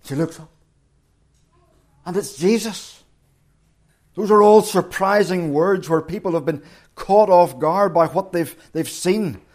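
A man's voice: high-pitched, slow, long pauses, darkish tone. A middle-aged man preaching a sermon, retelling a story dramatically and acting out the quotes.

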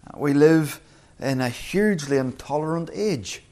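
A man preaching a sermon, earnest, slowing down and rising in pitch when quoting scripture. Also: expressive, warm tone. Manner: earnest, slows and rises on scripture quotes.

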